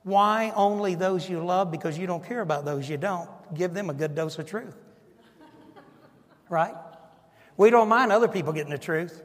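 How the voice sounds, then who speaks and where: A man's voice: sits high, expressive, normal speed, big-room sound. A male pastor preaching a sermon, stressing his points and asking the congregation rhetorical questions.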